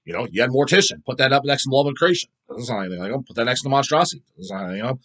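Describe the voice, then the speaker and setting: A man with a husky, somewhat breathy voice at an ordinary pitch rants casually about music on his own show. He talks bluntly, swears constantly and rambles through restarts and asides. He is recorded on a phone. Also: lively intonation, racing, a bit bright. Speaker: host answering viewer questions. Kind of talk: casual profane rant.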